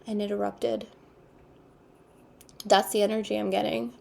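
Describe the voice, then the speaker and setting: Gravelly-voiced woman giving a tarot reading. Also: medium pitch, level tone, mellow. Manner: unhurried, repetitive, earnest spiritual phrasing. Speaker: tarot reader. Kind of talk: intuitive tarot card reading.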